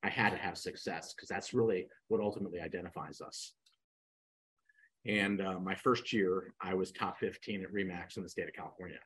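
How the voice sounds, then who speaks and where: Speaking a bit quickly in a low, husky voice, an older male real estate coach shares his story in a podcast interview, performing the voices of those he quotes. The recording is rough.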